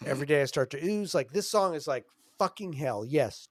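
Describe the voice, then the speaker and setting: A man co-hosting a podcast, talking with excitement, swearing often and trailing off mid-thought. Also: a little high, unhurried, no room sound, clean studio sound. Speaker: podcast co-host. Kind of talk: casual chat.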